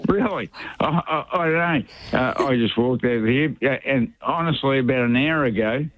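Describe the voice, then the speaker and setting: A man's voice: medium pitch, normal speed. Rambling Australian man on a phone line. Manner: rambling, jokey, loses his thread. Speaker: caller. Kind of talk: talkback radio call.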